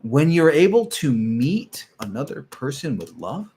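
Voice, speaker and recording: A man hosting a casual live stream as a relationship coach, talking emphatically and sometimes dropping to a soft, tender tone. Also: fairly high pitch, measured pace, a little hiss or hum. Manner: animated and emphatic, drops to a soft tender tone when acting out a partner.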